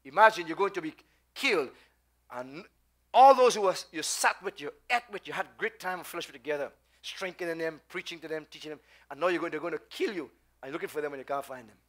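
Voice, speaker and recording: A Trinidadian man preaching a sermon as pastor, calling out questions to the congregation and swinging between loud and hushed delivery. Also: fairly high pitch. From Trinidad and Tobago.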